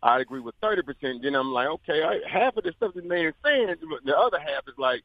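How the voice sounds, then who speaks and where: Male radio caller, earnest rambler, quick pace, phone-line sound, dry. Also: fairly high pitch, animated, dry recording. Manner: rambling, earnest, peppered with "man". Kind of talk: phone-in chat.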